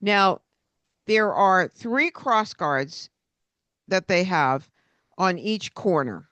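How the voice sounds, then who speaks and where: A woman's voice: fairly low pitch, lively intonation, very slow, fairly bright tone, no room sound. A woman hosting a radio interview, asking questions and introducing her guest. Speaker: radio host.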